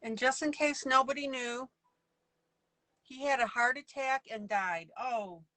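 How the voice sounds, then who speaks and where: Chatty woman teaching a slow coloring lesson. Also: high voice, bright, forceful tone, no room sound, low-quality recording. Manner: chatty and playful, laughs often. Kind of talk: casual live-stream coloring lesson.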